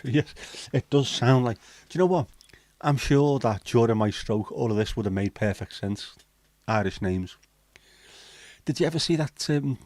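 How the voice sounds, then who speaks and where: Chatty man with a low voice. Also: darkish tone, no room sound. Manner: chatty, swears freely, reads viewer comments aloud. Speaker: livestream host. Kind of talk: casual livestream chat.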